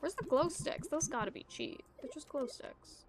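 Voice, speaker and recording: A young woman streaming a co-op game, chatting casually in a bubbly, giggly, excitable way. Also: high voice, moderate pace, over music. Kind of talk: casual let's play chat.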